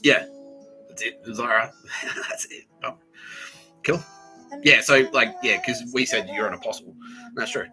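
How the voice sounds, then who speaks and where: A man's voice: medium pitch, moderate pace, long pauses, pushed and bright, soft background music, low-quality recording. A man hosting a solo podcast, rambling in a crude, jokey way and laughing often. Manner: crude, giggly, jokey, talks to an absent listener. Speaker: podcast host.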